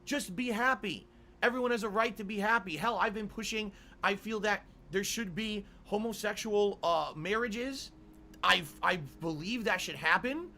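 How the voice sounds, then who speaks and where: Indignant middle-aged man, swearing rant, high and bright. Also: moderate pace, a little hiss or hum. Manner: indignant, swearing, repeating demands. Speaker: streamer. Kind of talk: angry rant to camera.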